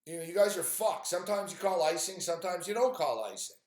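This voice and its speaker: A man's voice: sits high, animated, quick pace. A man ranting on a live stream about sports games and his bets, swearing often and sounding frustrated. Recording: echoey room.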